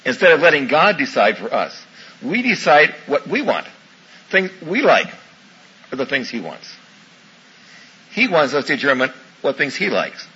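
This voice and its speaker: Lively, bright-voiced male preacher. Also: on the high side, normal speed, long pauses, breathy edge, dull audio. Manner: folksy storytelling, warm asides, chuckles. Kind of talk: sermon with folksy anecdotes.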